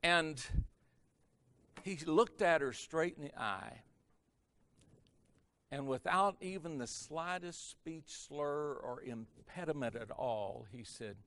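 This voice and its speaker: A man preaching as a pastor, telling a story in a sermon and swinging his loudness from hushed to loud for effect. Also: on the high side, slow, long pauses. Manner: animated, varies loudness for effect. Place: church or conference hall.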